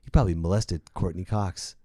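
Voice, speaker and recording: A man's voice: sits low, fairly even intonation, brisk, warm tone, no echo, studio quality. A man hosting a comedy podcast, ranting with profanity and sarcasm. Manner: profane, sarcastic, switching into impressions. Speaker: podcast host. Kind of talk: comedic rant.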